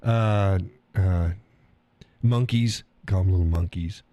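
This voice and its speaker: A man's voice: low-pitched, slow pace, mellow, dry recording. A man in his sixties hosting a live stream, tired, crude and rambling as he reads chat aloud and laughs often.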